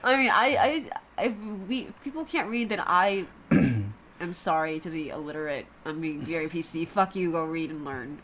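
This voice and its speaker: A woman with a notably low voice trading blunt, profane jokes during a casual gaming session. Faint noise hangs under her voice. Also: expressive, moderate pace, fairly bright tone. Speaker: co-player in a couple's let's-play. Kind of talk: casual let's-play banter.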